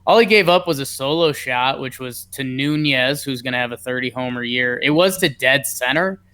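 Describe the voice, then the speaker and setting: A man co-hosting a casual baseball podcast, reading the lineup and telling stories in a joking, animated way. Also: medium pitch, normal speed, clear, resonant tone. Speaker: co-host. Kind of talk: casual sports podcast chat.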